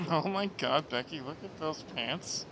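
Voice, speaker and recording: A man streaming a game and chatting with viewers, joking and self-mocking, often clearing his throat. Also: on the high side, slow pace, noisy background. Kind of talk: casual chat reading out stream chat.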